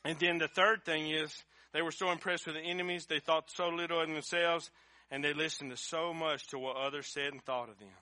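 Male pastor, middle-aged, high bright voice, fervent sermon delivery, dry recording. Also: fairly even intonation, a little fast, dry recording. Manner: impassioned, swells to shouting.

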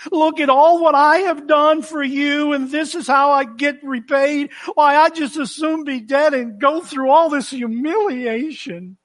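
A sulking, self-pitying male prophet, as a preacher acts him out, whining in a sarcastic tone. The voice sits very high and sounds bright and forceful, and he moans about how badly he has been repaid. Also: very animated, unhurried, hardly any pauses, full character voice. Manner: whiny, sarcastic.

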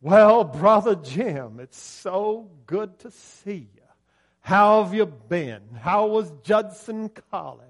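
A pompous young preacher, as a man mimics him, stretches every word. He speaks slow and loud, pitched higher than a normal speaking voice. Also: animated, exaggerated voice. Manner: slow, drawn-out, showy pulpit voice. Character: pompous young male preacher affecting a holy accent.

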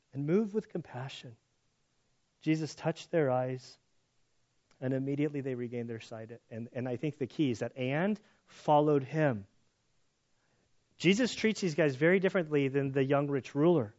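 A man's voice: a little high, moderate pace, a little mellow, highs cut off. A man teaching through a Bible passage in a casual, conversational way, acting out voices in the story as he goes. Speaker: pastor.

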